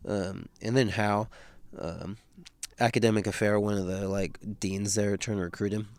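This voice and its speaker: A man's voice: lowish voice, level tone, moderate pace, smooth, no echo. A man casually recapping a novel in slangy, laid-back talk, with plenty of fillers. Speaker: book read-through host.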